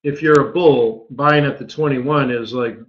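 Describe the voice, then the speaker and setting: A medium-pitched man speaks at a measured pace. As a forex strategist hosting a live trading webinar, he keeps things chatty and casual, repeatedly posing a rhetorical "right?", in dull lo-fi webinar audio.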